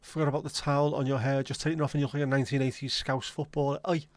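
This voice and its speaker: A man's voice: mid-range voice, level tone, racing, dry recording. A man hosting a live stream, chatting casually and teasing his viewers as he reads and answers their comments. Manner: friendly, teasing banter with viewers. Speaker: livestream host.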